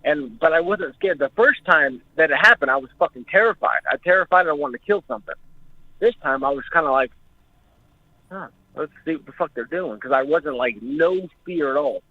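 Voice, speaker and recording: A young man phones in to a talk show, his voice pitched on the high side, animated and a little quick. He tells his story emotionally and jitteryly, swearing often, and the phone line sounds tinny.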